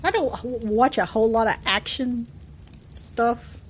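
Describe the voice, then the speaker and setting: Chatty Southern woman streamer, a bit high. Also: unhurried, a little hiss or hum. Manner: chatty, self-deprecating, stumbles and laughs often. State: coughing from a cold. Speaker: game streamer. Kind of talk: casual stream chat.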